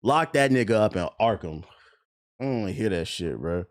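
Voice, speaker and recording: A man's voice: on the low side, expressive, moderate pace. A man streaming live, ranting at his viewers in a heated, mocking and profane way.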